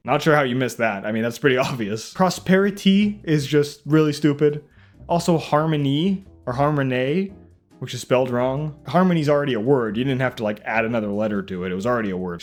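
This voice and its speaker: A man's voice: medium pitch, a little fast, faint music behind. A young man hosting a comedic reaction video, sarcastic and incredulous, often laughing and acting out mock dialogue. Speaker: YouTube reaction host.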